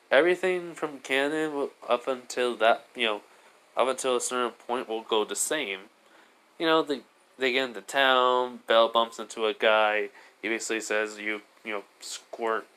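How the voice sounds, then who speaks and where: A man's voice: fairly low pitch, sharp tone, smooth, rough recording. A man casually retelling a fan story, rambling with many fillers.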